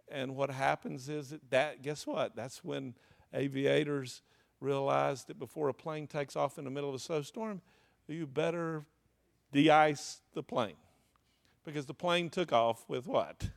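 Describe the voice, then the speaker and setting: A man's voice: mid-range voice, gravelly. A man preaching a sermon, tossing questions to the congregation and answering them. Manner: call-and-response preaching, asks the congregation questions. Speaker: pastor.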